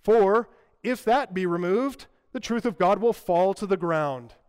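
A man's voice: sits high, a little slow, clean tone. A man preaching a sermon as pastor, with emphatic, rhythmic delivery and repeated phrases. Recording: long hall reverb.

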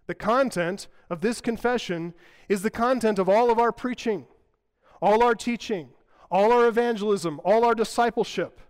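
A man's voice: sits high, smooth. A man preaching a sermon as pastor, with emphatic, rhythmic delivery and repeated phrases. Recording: long hall reverb.

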